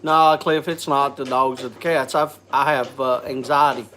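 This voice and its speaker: A man's voice: mid-range voice, fairly bright tone, slight background noise. A man hosting a casual live chat, congested from a cold, coughing and often restarting his sentences. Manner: halting, restarts with repeated words. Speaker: host.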